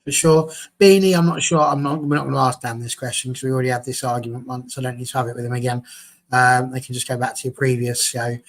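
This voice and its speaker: A man's voice: mid-range voice, fairly even intonation, fast talker. A man hosting a casual fan panel, chatty and jokey, reading out viewer comments. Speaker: fan show host.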